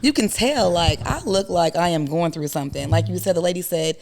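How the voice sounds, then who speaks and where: A woman's voice: fairly low pitch, fairly quick, crowd noise. Casual, colloquial woman counselor. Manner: informal and colloquial, quoting friends. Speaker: licensed counselor, guest. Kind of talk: casual talk-show conversation.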